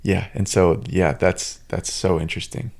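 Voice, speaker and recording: A man hosting a podcast, relaxed and thoughtful as he recounts a story in casual chat. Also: deep voice, normal speed, creaky. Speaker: podcast host.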